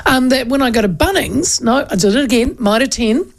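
A New Zealand woman in her fifties hosts a casual radio chat on a studio mic with headphones. Her slightly high, gravelly voice is expressive at a normal pace, and she tells stories chattily with many restarts.

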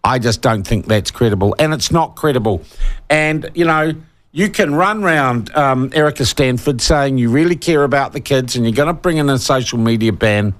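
A man's voice: medium pitch, expressive, moderate pace. A man in his sixties with a New Zealand accent, hosting talkback radio and reading out texts, indignant and emphatic as he gets worked up. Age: 60s. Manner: indignant, emphatic, growing heated. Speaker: talk radio host. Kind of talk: opinionated talkback radio monologue.

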